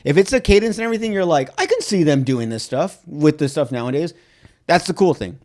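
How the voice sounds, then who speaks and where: A man's voice: a little high, sing-song, fast, darkish tone. A man co-hosting a podcast in casual chat, rambling and restarting his thoughts. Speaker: podcast co-host.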